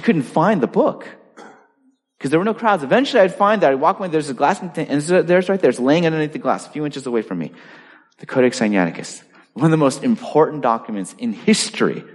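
A man preaching a sermon in a conversational style, full of asides and lively storytelling. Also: a little high, husky, long reverb tail. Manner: animated, conversational, lots of asides. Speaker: pastor.

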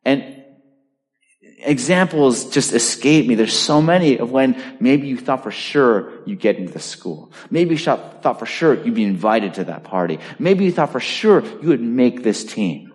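A man's voice: medium pitch, very animated, normal speed, a little mellow. A middle-aged man preaching a sermon as pastor, emphatic and full of rhetorical questions. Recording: reverberant hall.

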